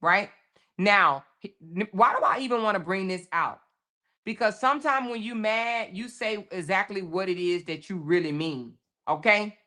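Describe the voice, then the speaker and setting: Emphatic woman host with a bright, forceful voice. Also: mid-range voice, moderate pace. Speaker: commentary show host. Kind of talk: casual commentary on a viral video.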